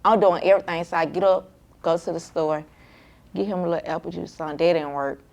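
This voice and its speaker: Mom telling her story, lowish voice, informal and emotional. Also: fairly even intonation, quick pace, a little mellow. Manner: emotional, informal, frequent "like" and quoted self-talk. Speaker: mother of a child with sickle cell. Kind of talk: candid personal storytelling.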